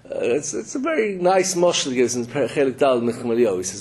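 Lively husky rabbi, preaches with lots of emphasis, voice swings up and down. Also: male voice, medium pitch, quick pace, hardly any pauses. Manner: animated storytelling, emphatic. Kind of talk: Torah sermon.

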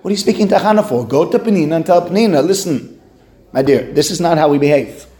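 A man doing a gently chiding husband. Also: fairly high pitch, expressive, fast talker, natural voice. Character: husband gently scolding, reassuring. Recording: roomy echo.

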